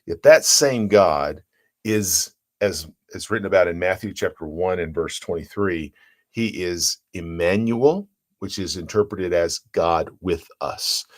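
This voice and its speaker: An earnest pastor delivers a devotional sermon. He talks plainly and warmly to his flock, reading scripture aloud and then unpacking it verse by verse. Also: deep voice, unhurried. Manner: earnest, plain-spoken, reads and explains scripture.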